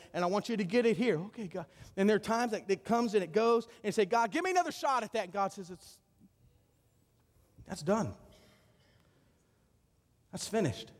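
Impassioned high-voiced preacher in a reverberant hall. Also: male voice. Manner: impassioned preaching, rising and falling between urgent and hushed. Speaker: pastor. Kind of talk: sermon.

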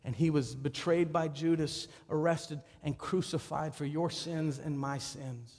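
A man preaching a sermon as pastor, impassioned, swinging between urgent, driving passages and hushed, slow ones. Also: fairly high pitch, fairly even intonation. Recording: long hall reverb.

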